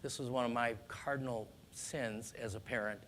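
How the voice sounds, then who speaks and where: Male doctor, mid-pitched, calm and instructive, faint low rumble behind. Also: normal speed. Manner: calm, earnest, instructive, with small restarts. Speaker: doctor giving parenting advice. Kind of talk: explanatory talk on child discipline.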